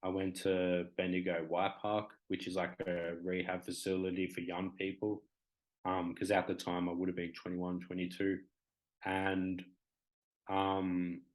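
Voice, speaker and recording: A man's voice: sits low, monotone, measured pace, poor audio. A man in his twenties with an Australian accent, a talk show guest speaking candidly and rambling with many fillers. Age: 20s.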